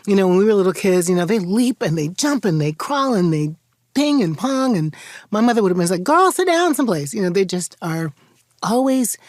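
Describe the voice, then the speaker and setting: Older woman, pastor host, lowish voice, animated storytelling, dry close sound. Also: no echo. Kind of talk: warm reflective conversation.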